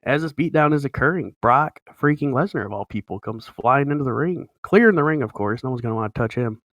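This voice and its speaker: A man's voice: medium pitch, expressive, a little fast, no echo, lo-fi sound. A man in casual chat on a podcast, running through wrestling results in an easygoing announcer style. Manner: play-by-play announcer delivery, easygoing.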